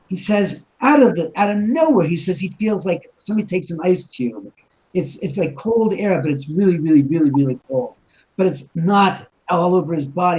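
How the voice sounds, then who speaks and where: A man's voice: on the high side, darkish tone, low-quality recording. A man casually telling a ghost story about his house, rambling with restarts and acting out quoted dialogue.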